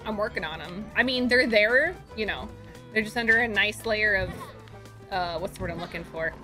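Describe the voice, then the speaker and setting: Brief: young woman streamer, jokey gameplay commentary, bright tone, game music under. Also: medium pitch, normal speed. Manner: playful, jokey, talks to chat.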